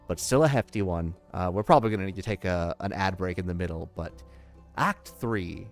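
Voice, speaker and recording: A man's voice: sits low, brisk, soft background music. A man hosting a live fan dub stream of a game, easygoing and chatty. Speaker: stream host and narrator.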